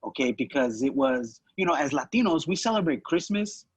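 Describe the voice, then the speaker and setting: A man's voice: fairly high pitch, animated, brisk, slightly rough, dry recording, rough recording. A man co-hosting a podcast, telling a rambling story in casual chat, with lots of "you know" and "right?". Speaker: podcast co-host.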